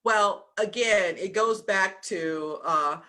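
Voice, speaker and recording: A woman's voice: mid-range voice, takes it slowly. Southern woman coaching, acting out scenes. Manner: animated, acts out little scenes in voices. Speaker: business coach. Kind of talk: motivational talk over video call. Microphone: video call.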